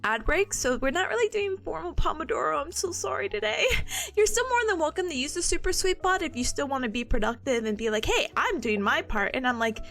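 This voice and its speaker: A young-sounding woman hosts a study live stream and chats to her viewers, giggling often. Her voice sits very high and swoops widely, with a bright, sharp edge. Faint music plays behind her. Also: big pitch swings, fast talker, gravelly. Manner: giggly, bursts into laughter and squeals. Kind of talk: casual live-stream chat.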